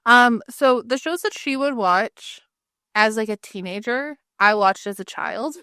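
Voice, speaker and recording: A young adult woman co-hosting a podcast in casual chat, talking in quick bursts with lots of fillers. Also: on the high side, animated, pushed and bright, clean tone, no room sound, clean studio sound. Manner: chatty, many fillers, quick asides. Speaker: podcast co-host.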